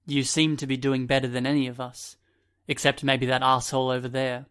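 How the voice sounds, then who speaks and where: A man's voice: mid-range voice, little pitch movement, fairly quick, a bit bright, clean tone, lightly acted. Man doing scornful teenage boy with glasses, bitter, accusing, audiobook. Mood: weary.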